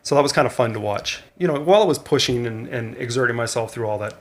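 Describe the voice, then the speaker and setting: Guy rambling about his day, tired, lots of ums and little laughs, mid pitch. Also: quick pace. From Canada. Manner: rambling, chuckling, many fillers and restarts. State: tired after a long day of running. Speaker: vlogger on a cross-country run. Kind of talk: casual spoken vlog diary.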